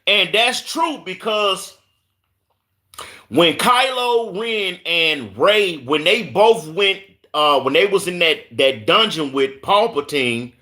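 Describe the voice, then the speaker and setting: A man's voice: high-pitched, lively intonation, takes it slowly, bright, forceful tone. A man from Houston with a Southern accent, hosting a casual live stream and reading viewer comments aloud, often stumbling on names and repeating words. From Houston, Texas.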